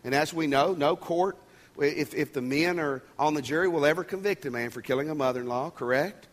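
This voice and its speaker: A man's voice: fairly high pitch, fairly quick. A male pastor giving a sermon, conversational and emphatic, with folksy asides and jokes.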